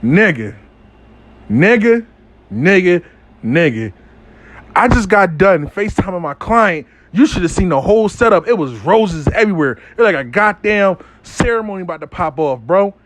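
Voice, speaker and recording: A man telling a casual storytime monologue, animated and profane, acting out what people said. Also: high voice, fairly quick, hardly any pauses, slight background noise.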